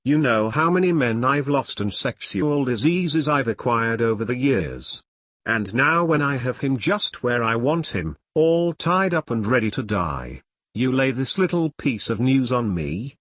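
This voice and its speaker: A man's voice: mid-range voice, lively intonation, unhurried, a bit bright. A man doing a foul-mouthed hot-headed gangster. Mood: indignant. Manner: profane, blustering rants.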